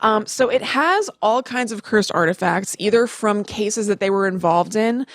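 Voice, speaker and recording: A woman co-hosting a casual podcast, chatty and quick to laugh at herself, with a light New York tinge to her accent. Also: medium pitch, lively intonation, dry recording, studio quality. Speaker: podcast co-host.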